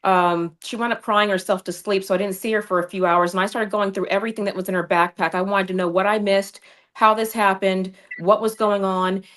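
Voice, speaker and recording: A woman's voice: medium pitch, steady tone, a little fast, fairly bright tone. A woman hosting a political talk show over a video call, telling a story with indignant passion. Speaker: political podcast host.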